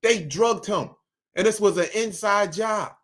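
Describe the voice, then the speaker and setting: High-pitched guy riffing on clips, loud and emphatic, keeps repeating himself. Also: a little slow, a little hiss or hum. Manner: animated, emphatic, repeats lines for effect. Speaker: streamer reacting to clips. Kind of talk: casual reaction commentary.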